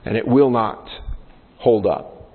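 A man's voice: lowish voice, expressive, takes it slowly. A man preaching a sermon as pastor, earnest, often putting questions to the congregation. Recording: tinny phone-like sound with long hall reverb.

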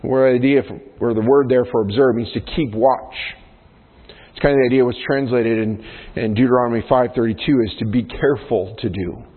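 A man, a pastor preaching a sermon, who rises in pitch and force to stress key points. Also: steady tone, fairly quick. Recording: phone-like sound in a reverberant hall.

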